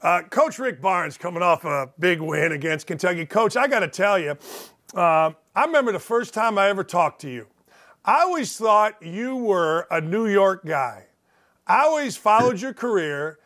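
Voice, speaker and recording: A man's voice: high voice, a bit bright. A man from Indiana hosting a sports talk show, telling stories with energy and emphasis.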